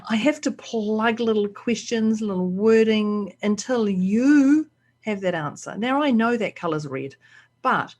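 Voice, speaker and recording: A woman's voice: mid-range voice, unhurried. Aussie woman coach on a podcast, chatty, acts out the voices in her stories. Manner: animated storyteller, acts out quoted dialogue. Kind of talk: casual chat.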